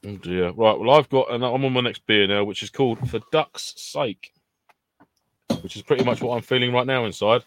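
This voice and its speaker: A man's voice: mid-range voice, normal speed, dry recording. A man co-hosting a casual live-stream chat, jokey and laughing often, on a home mic. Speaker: podcast co-host.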